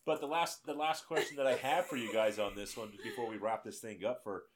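A man's voice: mid-range voice, brisk, a loud crowd. A man hosting a casual podcast chat, profane and prone to restarting his sentences. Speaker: podcast host.

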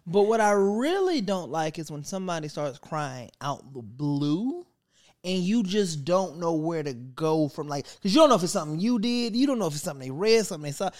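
A woman's voice: on the low side, big pitch swings, a little fast, darkish tone. A woman co-hosting a casual podcast chat. She jokes and tells stories, acting out her own thoughts as she goes. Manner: joking storyteller who acts out her own thoughts. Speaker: podcast co-host.

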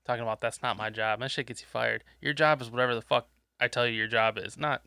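A man's voice: mid-range voice, fairly even intonation, fast talker, creaky, sharp tone, clear, resonant tone, no echo, studio quality. A man in casual, profane podcast chat, laid-back and laughing often. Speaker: podcast co-host.

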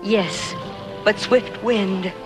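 An earnest heroine princess, music behind. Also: female voice, mid-range voice, drawn-out words. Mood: grieving. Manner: earnest, heartfelt. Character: brave young heroine princess warrior, compassionate. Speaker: animated film character. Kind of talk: 1980s cartoon voice acting. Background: film score.

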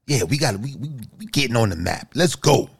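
A man voicing a brash young male line cook who talks loud, slangy kitchen talk in a comedy sketch. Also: mid-range voice, big pitch swings, fairly quick, creaky, husky, exaggerated voice. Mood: hustling.

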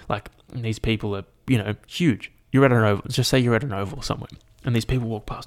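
A young man hosts his own podcast solo. His voice sits a little low, and he talks in a loose, unscripted way, swearing freely and leaning on fillers as he rants and spins a silly story. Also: fairly even intonation, quick pace, vocal fry, few pauses, a little mellow. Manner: casual and profane, lots of fillers. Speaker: podcast host.

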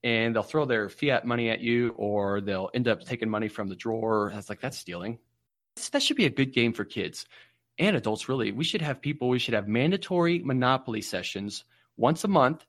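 A man of middle pitch rambles through offbeat stories with a deadpan delivery. His voice is close and dry, with almost no room around it. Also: fairly quick, dry recording. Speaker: livestream host. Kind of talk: rambling comic storytelling.

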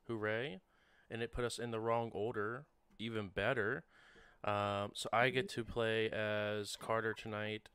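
A man's voice: fairly low pitch, steady tone, a little slow, fairly bright tone, smooth, no echo. A man hosting a tabletop game session in a wry, chatty way, with many ums and uhs. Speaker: game master.

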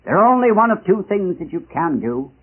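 A man preaching a missionary sermon, impassioned and dramatic, with rising rhetorical questions and slow emphatic pauses. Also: high voice, sing-song, husky. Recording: tinny lo-fi archival recording.

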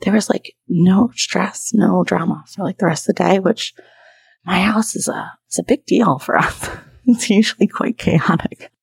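A woman's voice: medium pitch, moderate pace, vocal fry, slightly rough, no echo. A woman in her thirties hosting a podcast as a trauma therapist, talking candidly and chattily with frequent laughs. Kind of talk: casual solo podcast talk.

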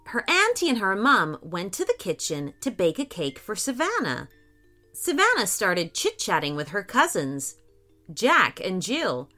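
Woman narrator, children's story, slow, bright, expressive. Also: mid-range voice. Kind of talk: scripted narration.

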